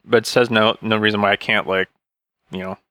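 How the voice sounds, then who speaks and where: A man with a fairly low but bright, forceful voice plays a tabletop game. He hesitates and thinks aloud while planning his moves. The recording is dry and close. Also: steady tone, fairly quick, smooth, no room sound. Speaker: player. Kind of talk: casual tabletop play.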